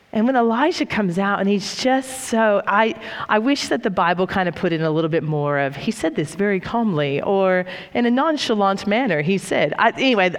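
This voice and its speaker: A woman preaching a sermon in a conversational, reflective way, with frequent fillers and restarts, in a church hall. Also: medium pitch. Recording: reverberant hall.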